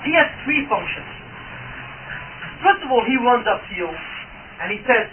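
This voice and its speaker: A rabbi giving a Torah class to a live audience, firing questions at the room and answering them himself. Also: male voice, very high voice, animated, brisk, pauses often, background noise. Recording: tinny, distant, lo-fi class recording.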